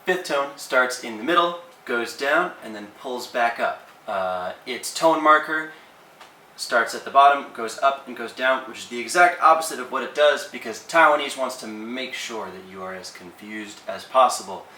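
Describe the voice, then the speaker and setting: Male tutor, casual and chatty, bright tone, roomy distant sound. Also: mid-range voice, moderate pace, slight background noise. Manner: relaxed, with frequent ums and uhs. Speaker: language teacher. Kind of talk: casual explanatory lesson.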